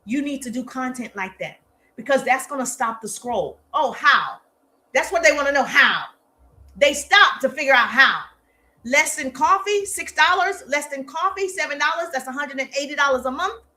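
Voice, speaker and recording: A woman's voice: high voice, animated, moderate pace, sharp tone. A woman marketing coach giving an emphatic, playfully sarcastic motivational lesson. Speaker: social media marketing coach. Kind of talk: live motivational teaching talk.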